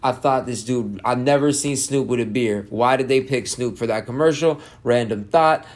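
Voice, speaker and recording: A man hosting a casual solo podcast, rambling and excitable while high, jumping off topic. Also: normal speed. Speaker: podcast host.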